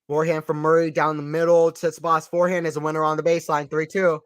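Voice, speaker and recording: A man giving casual live play-by-play tennis commentary for a stream, chatty and excitable, often repeating himself and answering viewers. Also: fairly high pitch, quick pace, clean tone, dry recording. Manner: excited, chatty, repeats phrases, reads out chat.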